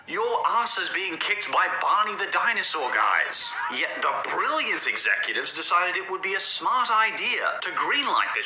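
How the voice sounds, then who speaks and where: A man narrating a scripted review, mocking and deadpan, trading in blunt insults. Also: fairly high pitch, reverberant, noisy background. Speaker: online show reviewer.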